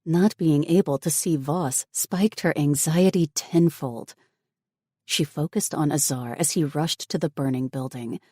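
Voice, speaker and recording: Woman reading an audiobook, low and slow, steady and even, dry close sound. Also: slightly rough, no room sound. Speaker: audiobook narrator. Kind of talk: scripted narration.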